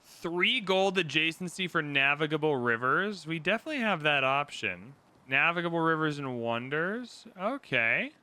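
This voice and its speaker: A young man talks through a strategy game on his channel, his voice bright and very lively as it swings up and down in pitch. He jokes with viewers and fakes outrage at his opponents. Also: normal speed. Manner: playful, mock-outraged, jokey asides to the audience. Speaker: gaming YouTuber. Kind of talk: casual strategy game commentary.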